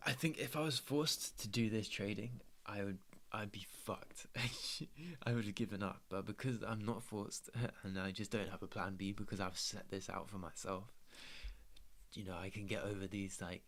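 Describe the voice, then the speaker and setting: Young man, low register, easygoing streamer chat full of slang. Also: steady tone, moderate pace, a bit bright. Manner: laid-back, slangy, swears freely. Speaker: trader streaming his trading. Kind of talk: casual chat.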